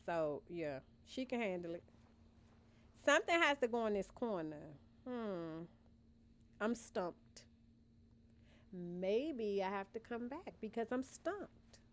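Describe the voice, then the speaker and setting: A young gaming streamer speaks slowly with long pauses, her medium-pitched voice sing-song and a bit bright. She chats casually with her live audience while playing, thinking aloud and calling them "y'all," as faint game music plays.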